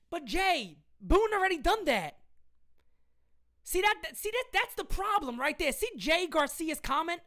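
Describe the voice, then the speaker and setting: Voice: very high-pitched, big pitch swings, a little fast, a bit bright. A woman hosting a live-stream sports commentary show, emphatic and argumentative as she answers comments from her chat. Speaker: host.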